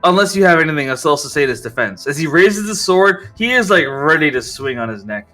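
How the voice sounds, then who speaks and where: An animated man runs a tabletop game with a bright, ringing voice that leaps up and down as he speaks. He often trips over his words and restarts. Faint music plays behind him. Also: on the high side, fast talker. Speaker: game master. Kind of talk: narrating a tabletop game and voicing characters.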